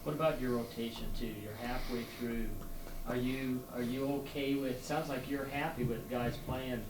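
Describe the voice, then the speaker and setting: A man's voice: medium pitch, steady tone, normal speed. A man, a reporter, asking a coach questions in a casual, conversational way at a press conference. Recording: distant, echoey room with background noise.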